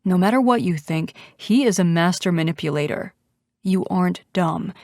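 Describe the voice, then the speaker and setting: A woman voicing a protective male biker who speaks steadily and gently. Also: on the low side, normal speed, no echo, studio quality. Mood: reassuring. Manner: calm, reassuring.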